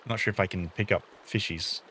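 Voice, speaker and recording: Low-voiced man chatting while gaming. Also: a little fast, pushed and bright, slight background noise. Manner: wry, thinks aloud while playing. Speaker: streamer. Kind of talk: casual gameplay chat.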